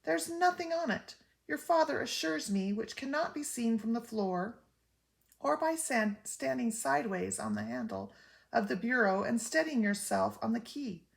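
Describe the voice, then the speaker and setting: A woman's voice: on the high side, big pitch swings, normal speed, vocal fry, pitched above the performer's own voice. An older woman voicing an anxious, fussy mother who tells gossip with emphatic exclaims, in a storybook reading. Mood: scolding.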